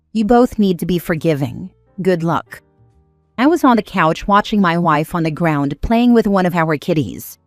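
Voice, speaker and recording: A woman with a somewhat low voice reads online posts aloud in an even, conversational storytime manner. Her voice is close and dry, with faint music running quietly underneath. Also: no echo. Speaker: narrator reading online posts. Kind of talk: storytime narration. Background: faint background music.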